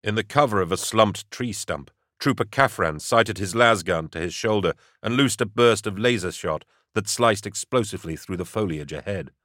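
Low bright-voiced man narrating a story. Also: normal speed, few pauses, dry recording, clean studio sound. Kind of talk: audiobook narration.

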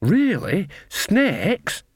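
A man's voice: high voice, huge pitch swings, extremely slow, husky, dry recording, studio quality, pitched above the performer's own voice, heavily acted. Nanny Ogg, a man doing a chirpy old witch. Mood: cheery. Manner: bright, common-spoken. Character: cheerful old witch, chatty and earthy.

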